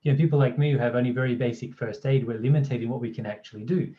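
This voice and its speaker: A man's voice: medium pitch, fast, narrow, tinny audio. A man with an Australian accent presenting a training course, explaining in a conversational way and often checking in with "right?" and "you know". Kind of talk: explanatory talk to camera.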